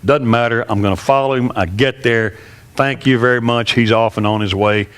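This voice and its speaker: A man in his sixties, a pastor, telling an earnest story in a sermon, halting and often repeating himself. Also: medium pitch, fairly even intonation, fairly bright tone, clean tone. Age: 60s.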